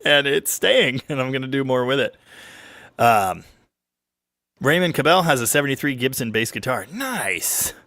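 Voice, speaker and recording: A man's voice: mid-range voice, normal speed, long pauses, no echo, clean studio sound. A man hosting a weekly car livestream, chatting casually and joking as he reads out viewer comments. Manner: rambling, joking, lively ups and downs. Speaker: livestream host. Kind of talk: casual live-stream chat reading viewer comments.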